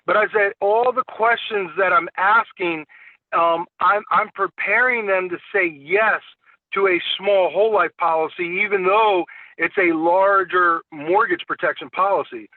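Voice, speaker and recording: A man's voice: high voice, unhurried, no room sound. A man, an insurance sales agent, giving a sales training talk and telling stories with acted-out client dialogue, often repeating words as he restarts. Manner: storytelling, acting out client dialogue. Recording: tinny phone-like call audio, dry.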